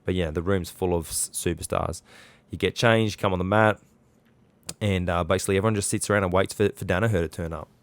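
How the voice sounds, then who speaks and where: A man's voice: low voice, steady tone, fast, dry recording. An Australian man hosting a podcast, recounting his travels and training in a rambling, chatty way with plenty of fillers and restarts. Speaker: podcast host. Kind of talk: casual travel and training recap.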